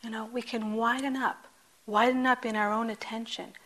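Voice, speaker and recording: Gentle woman giving a meditation talk. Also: fairly high pitch, flat delivery, normal speed. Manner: gentle and conversational, with many soft asides and whispered phrases. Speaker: meditation teacher. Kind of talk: dharma talk. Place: meditation hall with a group.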